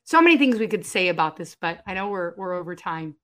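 Animated woman giving faith testimony. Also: lowish voice, quick pace. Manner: emphatic, animated storyteller with sudden loud bursts. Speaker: guest. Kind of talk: conversational testimony.

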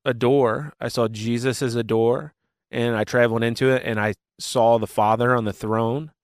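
A man talking casually in an interview, animated and full of fillers as he tells his story. His voice is smooth and resonant, at a middle pitch, and the recording is dry and close. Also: dry recording. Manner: animated storyteller with many fillers and quick asides. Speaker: worship pastor, guest.

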